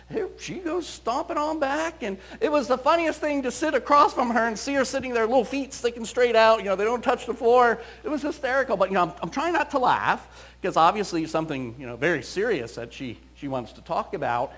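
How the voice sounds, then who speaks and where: Lively, animated man telling stories. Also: very high voice, a little fast, slightly rough. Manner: animated storyteller, quoting voices. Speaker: counselor. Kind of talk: storytelling talk.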